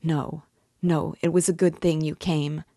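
A timid, compassionate young woman pleading softly in an audiobook, read by a woman. The reading is unhurried and recorded close and dry. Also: sits low, steady tone, husky, no echo, heavily acted.

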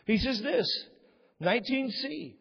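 A man's voice: very high voice, animated, a little slow, slightly rough. A man preaching a sermon emphatically, repeating key phrases for weight, with an aside now and then. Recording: long reverb, dull lo-fi sound.

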